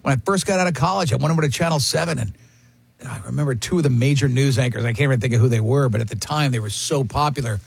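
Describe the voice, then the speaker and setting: A man hosting a radio show, bantering in a joking, animated way. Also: mid-range voice, rapid-fire, gravelly, slightly rough.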